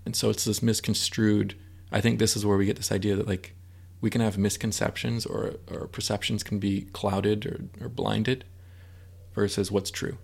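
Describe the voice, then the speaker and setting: A man's voice: on the low side, level tone, moderate pace, creaky, slightly rough. A man co-hosting a podcast, casually retelling a film's scenes and acting out characters' lines as he goes. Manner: acts out film characters' lines while retelling. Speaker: podcast co-host. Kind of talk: casual chat retelling a film.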